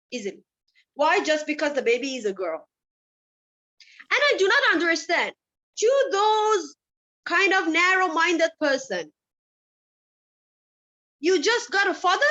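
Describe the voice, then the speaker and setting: A woman's voice: extremely high pitch, sharp tone. A woman speaking at a summit, telling personal stories with passion and firing off rhetorical questions. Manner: impassioned, asks many rhetorical questions. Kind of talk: personal storytelling speech. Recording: dull lo-fi recording.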